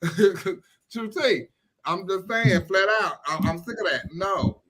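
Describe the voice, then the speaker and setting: High, bright-voiced blunt podcast host. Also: male voice, slow. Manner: blunt, animated, profane storytelling. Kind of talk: casual chat.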